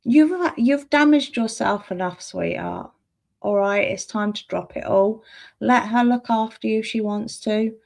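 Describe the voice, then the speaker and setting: A woman doing a live-stream tarot reading, softly calling viewers sweetheart and darling, chatting and laughing as she goes. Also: a little high, unhurried, gravelly. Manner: chats and laughs while reading. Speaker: tarot reader and clairvoyant.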